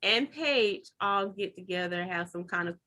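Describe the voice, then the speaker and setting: A woman co-hosting a casual recap chat, retelling scenes in a chatty, expressive way. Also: mid-range voice, normal speed. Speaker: podcast co-host.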